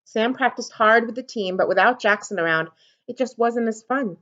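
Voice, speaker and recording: A woman reading a children's storybook aloud for a library storytime, expressive and animated. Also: a little high, normal speed. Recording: dull lo-fi recording.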